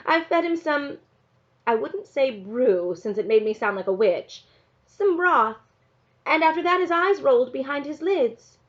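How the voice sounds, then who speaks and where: A woman's voice: high voice, animated, measured pace, pitched above the performer's own voice. A woman reading aloud, voicing an earnest, defiant young girl with an emotional, pleading manner. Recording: dull lo-fi recording.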